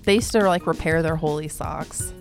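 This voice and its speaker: A woman's voice: low voice, normal speed, faint music behind. A woman chatting casually with friends, dropping "like" as filler. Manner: uses filler "like", laughs easily. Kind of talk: casual chat among friends.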